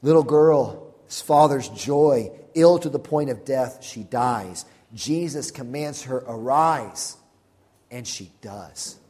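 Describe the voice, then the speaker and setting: A man's voice: medium pitch, takes it slowly, few pauses, mellow, big-room sound. A man, a pastor, preaching a sermon with emphatic, repeated phrases. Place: church sanctuary.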